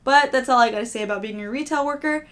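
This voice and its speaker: A woman's voice: high-pitched, fast. A young woman vlogger in casual, rambling, self-deprecating chat to camera, often laughing.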